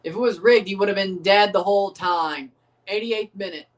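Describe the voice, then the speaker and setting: In casual watchalong reaction commentary, a high-pitched man hosting a livestream talks through a football match at normal speed, laughing often, swearing, and calling out the minutes. He sounds far from the mic.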